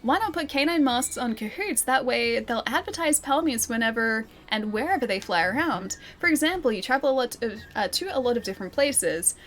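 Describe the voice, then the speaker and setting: A man's voice: extremely high pitch, lively intonation, a little fast, few pauses, a bit bright. A woman reading out the lines of an eager male villager with a dog-mask scheme, laughing as she reads. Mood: earnest pitch. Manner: reads aloud while laughing.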